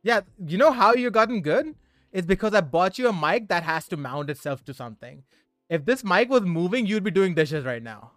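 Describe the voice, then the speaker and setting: A man's voice: high voice, moderate pace, no room sound, studio quality, faint music behind. A young man hosting a casual podcast chat, teasing and swearing as he talks. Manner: teasing, profane, animated. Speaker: podcast host.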